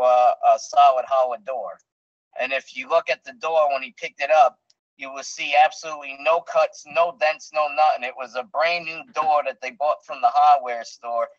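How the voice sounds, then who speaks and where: A man's voice: a little high, dry recording. Blunt rambling man, dull dry audio. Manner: blunt, rambling, frequent fillers and restarts. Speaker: professional wrestler guest. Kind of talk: casual interview storytelling.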